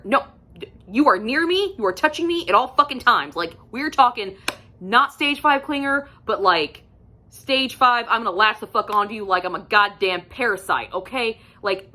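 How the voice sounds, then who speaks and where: Bright-voiced chatty woman book reviewer. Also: mid-range voice. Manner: candid, profane, chatty with frequent ums. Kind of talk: casual book review vlog.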